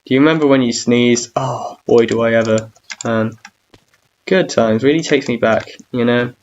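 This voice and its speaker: A man's voice: medium pitch, moderate pace, muffled recording, a little hiss or hum. A young man chatting casually while gaming, rambling and self-mocking about his own awkwardness, humming and singing between lines. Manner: hums and sings between talk. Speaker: gamer streamer.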